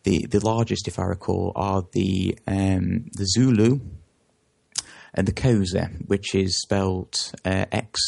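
A man's voice: low voice, steady tone, takes it slowly, vocal fry, a little mellow. A man speaking as an interview guest, talking at length and often stopping to correct himself mid-sentence. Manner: rambling, with frequent self-corrections. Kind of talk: conversational interview.

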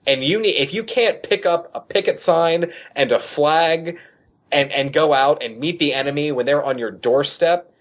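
A talk show guest tells an animated story in a slightly high voice at a moderate pace. As he gets going, he often repeats words at the start of his sentences.

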